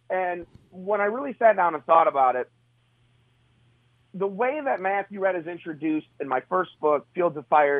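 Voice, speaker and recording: A man's voice: fairly high pitch, no echo. A middle-aged man, an author guest, talking casually and earnestly in an interview, often restarting his sentences. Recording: tinny phone line.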